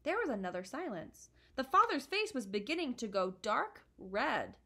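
A woman's voice: on the high side, big pitch swings, moderate pace, pushed and bright, husky. Woman reading a children's book aloud. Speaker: storyteller.

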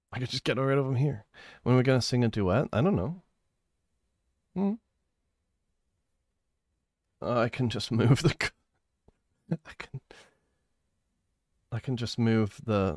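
A man's voice: mid-range voice, lively intonation, slow, pauses often, darkish tone, dry recording, clean studio sound. A young man chatting on a live stream, giggly and flustered, shaky with adrenaline, by turns bratty and pleading. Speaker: livestreamer. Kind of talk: casual live-stream chat.

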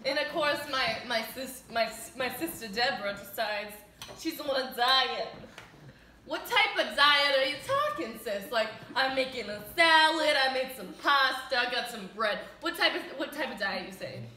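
A young woman with a very high, bright voice tells an improvised comedy story, her pitch swinging widely as she laughs through it. The sound is roomy, with a faint hiss underneath. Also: normal speed. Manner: animated storytelling with frequent laughter. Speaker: vlogger. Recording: echoey room, faint noise.

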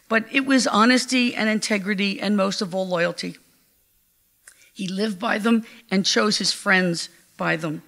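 An older woman giving a heartfelt, measured eulogy at a memorial gathering. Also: medium pitch, gravelly, pushed and bright. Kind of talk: memorial tribute speech.

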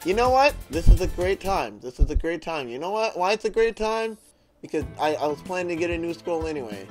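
A man gives let's-play commentary in a fairly high, very lively voice. He swears often and rants in frustration at the game. Game music runs steadily underneath. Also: a little fast. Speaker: gaming channel host.

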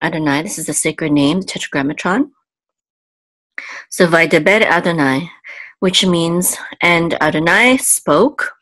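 A woman's voice: lowish voice, measured pace, a bit bright, dry recording. A woman teaching a Hebrew reading lesson, going patiently letter by letter with small fillers. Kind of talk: online language lesson.

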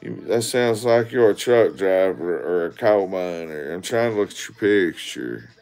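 A man's voice: sits low, animated, measured pace, vocal fry, darkish tone. A man hosting a casual walking livestream on his phone, rambling crudely at viewers and begging for likes. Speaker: livestream host.

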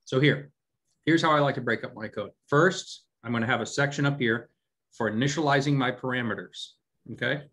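A man walking a class through code in a live lecture. He speaks in a casual, conversational way and keeps pausing to make sure the students are following. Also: mid-range voice, a bit bright. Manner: conversational, often checks in with the class. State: has hiccups. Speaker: instructor.

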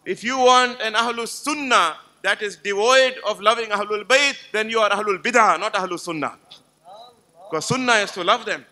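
A man's voice: high voice, moderate pace, pushed and bright. A man giving an emphatic religious lecture to a live gathering, telling stories and putting rhetorical questions to the audience. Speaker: Islamic lecturer.

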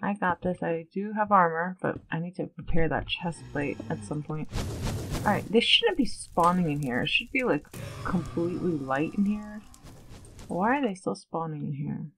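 A woman's voice: fairly low pitch, animated, normal speed, noisy background. A woman giving casual gameplay commentary, chatty and nervous, often questioning herself aloud. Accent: Long Island put-on at times. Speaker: let's play gamer.

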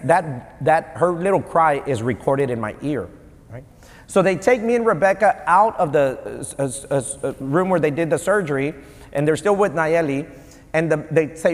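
A man in his thirties preaching a conversational sermon as a pastor, animated and joking between stories. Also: on the high side. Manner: conversational, animated, quick asides and jokes. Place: church sanctuary. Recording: long hall reverb.

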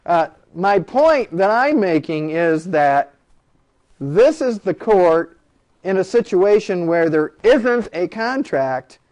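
A man lecturing a classroom on law, animated and jokey, firing rhetorical questions at his students. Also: sits high.

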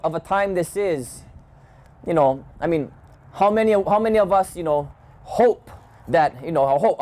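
Man from Hawaii, fairly high voice, slow measured storyteller. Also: darkish tone. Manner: measured, thoughtful storytelling with restarts. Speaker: community leader. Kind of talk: storytelling talk. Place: home gathering, indoors.

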